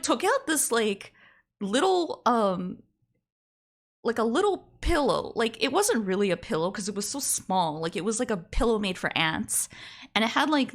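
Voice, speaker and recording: A young woman with a Canadian accent chats casually on a stream, telling stories in a giggly, animated way. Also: medium pitch. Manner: giggly, chatty, animated storytelling. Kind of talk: casual chat.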